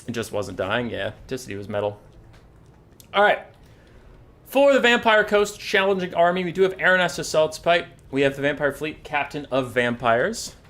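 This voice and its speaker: A male game streamer with a fairly high, bright and forceful voice. He tells a jokey, animated story and chats casually about the armies. He comes across as lively and playful. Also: moderate pace.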